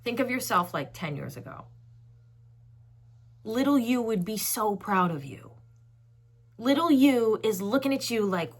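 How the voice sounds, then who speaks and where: A young woman reading oracle cards, speaking softly and affectionately to the viewer with emotional encouragement. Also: fairly high pitch, lively intonation, measured pace, pauses often. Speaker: tarot reader. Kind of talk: channeled oracle message to viewer.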